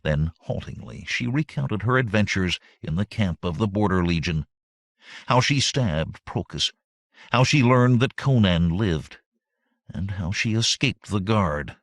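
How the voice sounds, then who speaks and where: A man narrates a fantasy audiobook in a very low voice with a lively, wide-ranging delivery. His reading is expressive and dramatic. The sound is dry and close, with no room echo. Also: unhurried.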